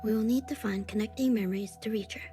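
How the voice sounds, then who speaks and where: A woman voicing a young female school secretary in a video game, with a calm, even, robotic delivery. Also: fairly high pitch, fast, natural voice. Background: faint game music.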